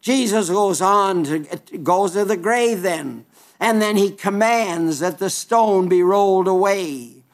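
High-voiced man preaching a folksy sermon. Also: slow pace. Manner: folksy, emphatic preaching with sudden drops to low, wry asides; quotes scripture in King James wording.

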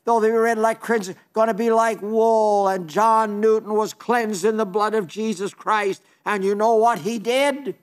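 An older man delivers a sermon in a high voice. He preaches earnestly and emphatically, drawing out the phrases he wants to land. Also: fairly even intonation, normal speed, few pauses, clean tone.

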